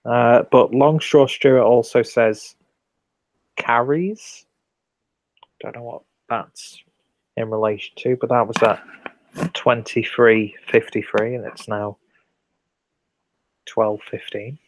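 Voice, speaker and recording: English male streamer, casual and sweary, mid-pitched, dry close mic. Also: takes it slowly, pauses often, dry recording, low-quality recording. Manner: relaxed, rambling, sweary, reads viewer comments aloud. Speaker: host of a live beer review stream. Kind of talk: casual late-night live stream chat.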